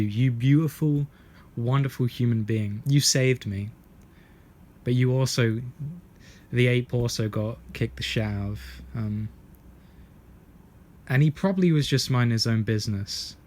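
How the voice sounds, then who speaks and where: A man's voice: mid-range voice, darkish tone. A young British man rambling through a jokey, meandering monologue outdoors in a garden, swearing a lot and slipping into silly voices. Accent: British English. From Britain. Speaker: vlogger.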